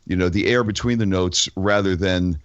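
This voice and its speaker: Male co-host, deep voice, laid-back and agreeable, dry close sound. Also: steady tone, normal speed, smooth, dry recording, highs cut off. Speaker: podcast co-host. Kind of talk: casual chat.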